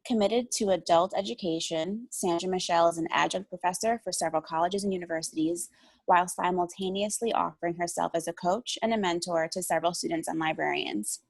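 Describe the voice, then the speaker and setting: A woman's voice: fairly low pitch, fairly quick, gravelly, dry recording, poor audio. A woman reading a formal, ceremonious tribute introducing a panel moderator. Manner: earnest, ceremonious delivery.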